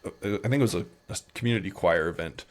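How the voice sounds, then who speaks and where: A middle-aged man with a Utah American accent, telling rambling anecdotes in a relaxed interview, slipping into playful quoted voices. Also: low-pitched, fast talker. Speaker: podcast guest. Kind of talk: casual storytelling interview.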